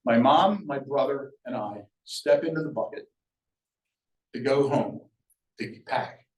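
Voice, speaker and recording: An older man from Sea Isle City, New Jersey, telling his own memories to an audience in a lively, conversational way, acting out the voices of people in his story. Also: mid-range voice, unhurried. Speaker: local speaker sharing memories. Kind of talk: public storytelling talk. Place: event room at a museum talk. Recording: roomy echo, mic far off.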